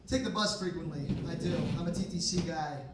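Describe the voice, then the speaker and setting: A young man delivers a stand-up set in a dry, deadpan, sarcastic way, his voice sitting fairly high. He is heard from across an echoey bar basement. Faint room noise sits underneath. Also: fairly quick. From Canada. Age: 20s. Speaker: stand-up comedian. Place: bar basement comedy night. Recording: echoey room, mic from far off.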